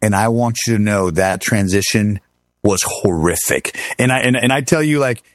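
A middle-aged man telling his army stories as an interview guest, animated, acting out the voices he quotes and laughing often. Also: fairly low pitch, normal speed, no echo. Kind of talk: casual storytelling interview.

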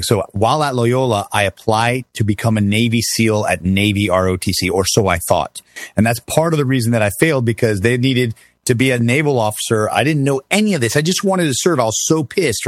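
A man's voice: medium pitch, fairly quick, no room sound, studio quality. A man in his fifties, a former army officer as guest, telling stories casually and acting out quoted voices with big swings in his voice. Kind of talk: casual storytelling in a conversation.

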